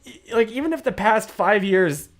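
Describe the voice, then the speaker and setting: A man's voice: high voice, expressive, moderate pace. A man hosting a livestream in casual, earnest chat that rambles along with restarts. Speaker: livestream host.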